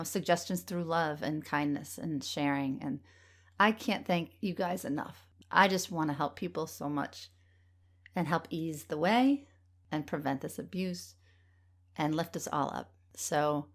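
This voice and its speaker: A middle-aged woman hosts her solo podcast in a slightly low voice. She talks earnestly and gently, encouraging her listeners, and at times sounds moved. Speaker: podcast host. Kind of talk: heartfelt solo podcast talk.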